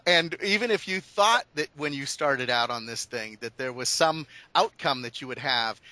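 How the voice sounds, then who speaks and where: Bright-voiced middle-aged man, dry sound. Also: mid-range voice, no room sound. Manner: thinks aloud with fillers and restarts, animated asides. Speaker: interviewee, online show host. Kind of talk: casual conversational interview.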